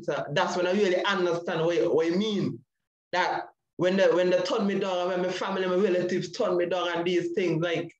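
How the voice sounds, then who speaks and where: A man's voice: high-pitched, flat delivery, brisk, roomy sound, highs cut off. A man giving an impassioned testimony in a repetitive preaching cadence. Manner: preaching cadence with repeated phrases. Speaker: panel speaker sharing testimony.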